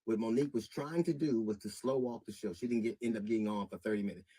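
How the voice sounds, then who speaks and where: A middle-aged comedian making a public statement, measured at first and then indignant, with halting restarts. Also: male voice, on the low side, warm tone, no room sound, rough recording.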